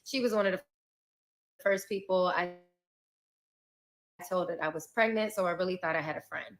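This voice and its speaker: Woman, somewhat low voice, candid vlogger recounting her own life, emotional, cursing, nervous laughter. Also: moderate pace. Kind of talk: candid personal storytelling.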